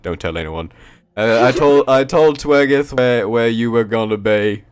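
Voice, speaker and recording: A man's voice: normal speed, clear, resonant tone, natural voice. A man voicing a careless, chatty young male guard who talks too much and corrects himself. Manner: rambling, sheepish, high and loud.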